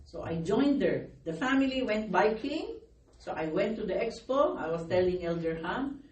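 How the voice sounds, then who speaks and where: A woman's voice: mid-range voice, expressive, moderate pace, darkish tone. A middle-aged woman pastor preaching a sermon, her voice worn from crying, calling out for amens and laughing between phrases. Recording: echoey room, distant mic, faint noise.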